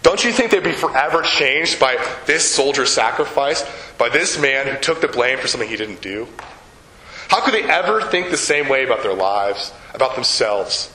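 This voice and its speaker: An older male pastor delivers a sermon with a bright, forceful voice. He tells a story, slows down on key words and asks the listeners questions. The room around him is echoey, with faint noise behind him. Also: mid-range voice, lively intonation.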